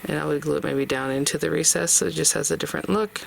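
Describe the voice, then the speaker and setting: A chatty crafter walks through a project step by step, thinking aloud as the work goes. The voice has a heavy gravelly fry at a middle pitch. A steady noise hums behind it. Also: fast. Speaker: craft tutorial host. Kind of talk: casual step-by-step craft tutorial.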